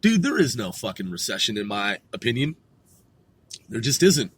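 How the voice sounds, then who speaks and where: A man's voice: lowish voice, big pitch swings, normal speed, fairly bright tone, a little hiss or hum. A man hosting a rambling solo talk from a car, loose and profane, laughing at himself. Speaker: podcast host.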